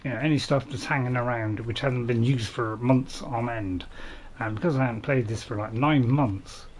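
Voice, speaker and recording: A man's voice: medium pitch, moderate pace, a little hiss or hum. A man with a Northern English accent, chatting casually and rambling while streaming a game to viewers. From North England. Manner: chatty, rambling, laughs at his own jokes. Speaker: gaming streamer. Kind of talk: casual gameplay live stream.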